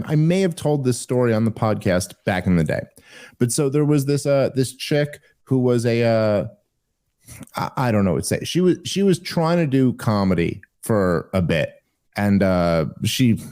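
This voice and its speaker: A man hosting a podcast, a stand-up comic telling a story in casual conversation, getting more animated as he grows indignant. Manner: animated, rising higher when indignant.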